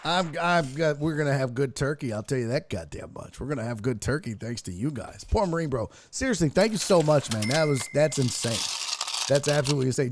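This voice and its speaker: A man's voice: on the high side, a little fast, a little hiss or hum. A man hosting a casual sports stream, swearing freely and reading out thanks to viewers. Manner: profane, excitable, thanking donors. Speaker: streamer host.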